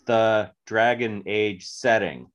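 A man answering as a podcast guest, in a casual and rambling way. He talks slowly in a lowish voice and leans on fillers like um and like as he works through his thoughts. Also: noisy background. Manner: rambling, full of fillers and likes. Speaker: guest game designer. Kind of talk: casual interview chat.

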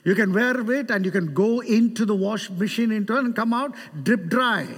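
Indian guy preaching, husky and high, swings up and down a lot, long echo off the hall. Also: normal speed. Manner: animated, mimics others in quoted dialogue, laughs often. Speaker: guest preacher. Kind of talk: sermon with storytelling.

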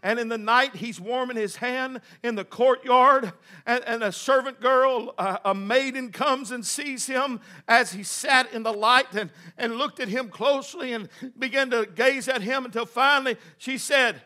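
A man preaching a sermon who swings from hushed storytelling to shouting and acts out the words of the people in his story. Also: extremely high pitch, a little slow.

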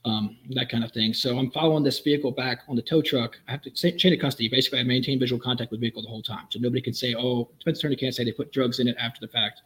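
A middle-aged man and former police officer rattles off his stories at a quick clip. He is wry and vivid, his pitch sits mid-range for a man, and he tells each tale like a practiced raconteur. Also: fairly even intonation, fairly bright tone, poor audio. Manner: brisk, vivid, wry storyteller. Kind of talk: anecdotal storytelling in a conversation.

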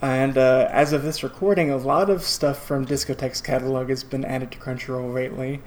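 A man co-hosting a podcast in casual chat, halting with many fillers and restarts. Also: mid-range voice, steady tone, a little mellow. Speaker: podcast co-host.

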